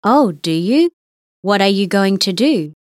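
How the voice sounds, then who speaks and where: A woman's voice: mid-range voice, very animated, no echo, studio quality. A woman reading a schoolgirl in a textbook dialogue. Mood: friendly. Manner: slow, clearly enunciated. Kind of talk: scripted listening-test dialogue.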